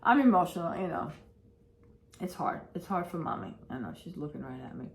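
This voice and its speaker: Woman vlogger, casual, repetitive, emotional, a bit low-pitched, roomy echo, faint noise. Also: very animated, brisk. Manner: rambling and repetitive, anxious and emotional. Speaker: vlogger and pet owner. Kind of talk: casual day-in-the-life vlog.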